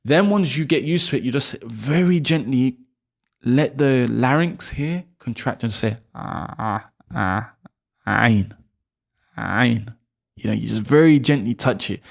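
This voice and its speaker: A man with a gravelly, creaky voice talks through Arabic letters in a loose, casual lesson. He repeats throat sounds slowly and over-emphasized, breaks off to correct himself, and chats along the way. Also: medium pitch. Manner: demonstrates throat sounds with exaggerated repetition; self-correcting, chatty, laughs at himself. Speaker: Arabic teacher.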